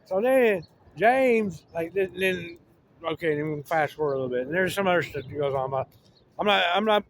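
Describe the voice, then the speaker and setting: A man's voice: fairly high pitch, animated, normal speed, slight background noise. A man rambling through a casual monologue, slangy, with lots of restarts. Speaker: vlogger.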